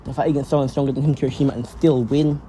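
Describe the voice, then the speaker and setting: A man casually improvising a fan-fiction story out loud, rambling with lots of fillers and restarts. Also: mid-range voice, level tone, rapid-fire, slight background noise, rough recording.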